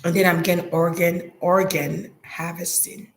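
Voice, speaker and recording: A woman's voice: on the low side, little pitch movement, a little slow, a little hiss or hum. A woman giving a psychic reading in a hesitant, murmuring way, repeating words and trailing off. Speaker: psychic reader. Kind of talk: intuitive reading monologue.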